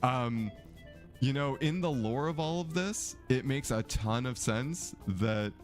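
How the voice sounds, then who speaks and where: A man's voice: medium pitch, expressive, takes it slowly, faint music behind. A man streaming a mystery game, chatting casually with his viewers and laughing often. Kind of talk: casual live-stream commentary.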